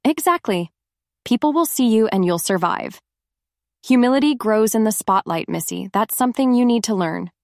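A woman reading the lines of a calm, firm wife who speaks softly and with composure. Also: fairly high pitch, normal speed, no room sound, clean studio sound. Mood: gentle firm. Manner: soft, composed and reassuring. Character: calm, firm older woman reforming her husband.

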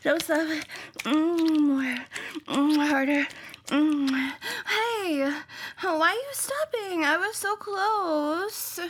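High, breathy woman in erotic role-play. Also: drawn-out words. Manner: breathy, moaning, pleading. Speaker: erotic audio performer.

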